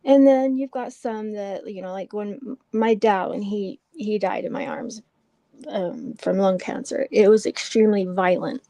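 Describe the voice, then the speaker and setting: A woman guest in a casual chat, speaking softly and hesitantly with many fillers. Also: medium pitch, unhurried, gravelly, no echo. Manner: soft, hesitant, full of fillers. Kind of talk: casual chat about personal loss.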